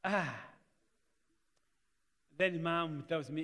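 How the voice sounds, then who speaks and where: Kenyan preacher in an echoing church. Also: male voice, high-pitched, lively intonation, normal speed, a bit bright. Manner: mixes Swahili into English, acts out family dialogues. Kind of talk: sermon. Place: church hall. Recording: church live stream with long reverb.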